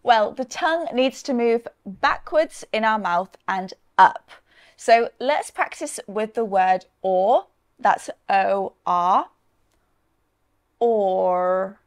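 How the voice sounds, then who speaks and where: A woman with a Northern English accent teaching English pronunciation. She speaks slowly and deliberately, with a fairly high voice. She models each sound with care. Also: expressive. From north of England. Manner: slow, careful, modelling sounds clearly. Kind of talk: scripted lesson dialogue.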